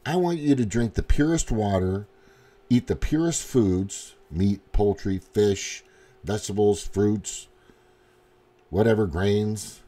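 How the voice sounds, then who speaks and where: A man's voice: fairly low pitch, slow pace, dark tone. A man from the ranting casually on his livestream, swearing often and rambling in disbelief. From Missouri, US. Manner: profane, rambling, incredulous. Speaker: livestream host. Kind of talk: casual political rant.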